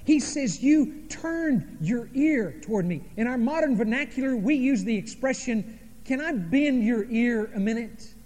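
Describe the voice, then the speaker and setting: A man preaching a sermon in a church, with dramatic pauses and sudden drops to a hush. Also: very high voice, expressive, long reverb tail. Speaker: pastor. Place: church sanctuary.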